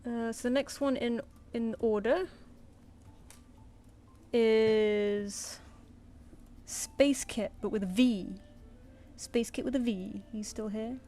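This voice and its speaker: A woman's voice: fairly high pitch, steady tone, slow, long pauses, warm tone. A woman artist chatting casually on a live stream while she draws, muttering and counting under her breath.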